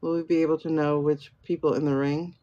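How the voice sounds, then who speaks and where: Low-pitched and mellow, her level voice runs a little fast, and the phone livestream audio sounds dull. As a tarot and pendulum reader hosting the stream, she muses out loud, chats with viewers by name, and questions herself, then answers.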